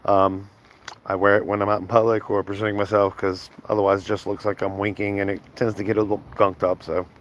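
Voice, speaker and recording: A man's voice: fairly low pitch, flat delivery, fast, lo-fi sound, slight background noise. A man chatting casually on a stream as game master, rambling with plenty of fillers.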